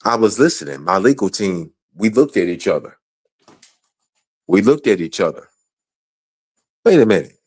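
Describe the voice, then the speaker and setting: A man's voice: on the low side, sing-song, normal speed, long pauses, darkish tone, breathy edge. A man angrily ranting on a livestream, profane and repeating himself. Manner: angry, profane, repetitive. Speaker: guest. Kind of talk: heated livestream rant.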